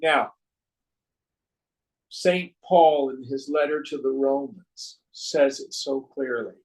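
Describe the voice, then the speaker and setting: A man giving a slow, measured spiritual talk on scripture, his voice trailing off softly at the ends of phrases. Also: mid-range voice, rough recording. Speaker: spiritual teacher.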